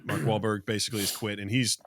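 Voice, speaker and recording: A man co-hosting a podcast in casual chat, relaxed and laughing easily as he acts out movie quotes. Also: on the low side, fast. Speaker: podcast co-host.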